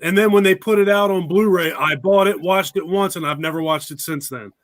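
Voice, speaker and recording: A man chatting as a guest in an online call, candid and blunt, with casual swearing. His voice runs a little high. The sound is dry and close, with no room echo. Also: fairly quick. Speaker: guest, video creator. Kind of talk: casual chat.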